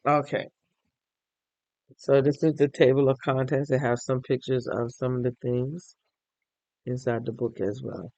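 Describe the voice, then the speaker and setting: A tired, yawning man hosting a crochet and knitting podcast, chatting casually as he shows his items to viewers and thinks out loud. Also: medium pitch, little pitch movement, measured pace, vocal fry, pauses often, dry recording, highs cut off. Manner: chatty, thinks aloud, addresses viewers directly. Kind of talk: casual show-and-tell chat.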